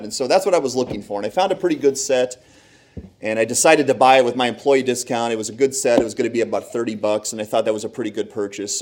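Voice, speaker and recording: Before a live audience, a man with a mid-range voice tells a funny personal story, animated, conversational, and self-deprecating.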